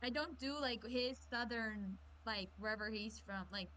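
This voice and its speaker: A woman's voice: a little high, moderate pace, pushed and bright, slight background noise. A woman chatting eagerly in a casual improv session among friends.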